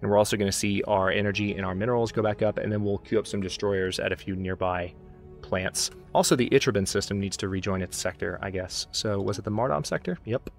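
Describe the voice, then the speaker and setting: A man's voice: on the low side, quick pace, creaky, soft background music. A man casually commenting on his strategy game as he plays, chatting to his own units and joking at himself. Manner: chatty, talks to his units, self-mocking asides. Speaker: let's play host.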